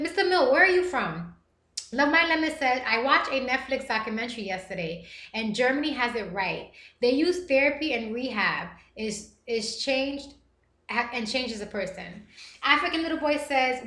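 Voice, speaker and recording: A woman hosts a live stream, reading chat messages aloud and speaking earnestly and emotionally in casual talk. Her high voice is bright and forceful, and the room is echoey.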